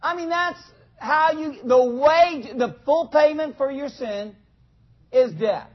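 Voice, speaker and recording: A man's voice: very high voice, takes it slowly. A man preaching a conversational sermon to a church congregation, asking them questions and acting out little scenes. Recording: dull lo-fi sound.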